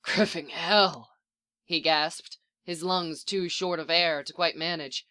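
A narrator reading a story aloud in an even, measured way. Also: medium pitch, clean tone. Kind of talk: audiobook reading of fan fiction.

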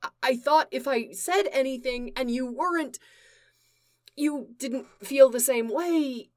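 A woman voicing an anxious teenage boy in a storybook reading, speaking softly with halting restarts. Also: high-pitched, voice pushed up. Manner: hesitant, halting and soft.

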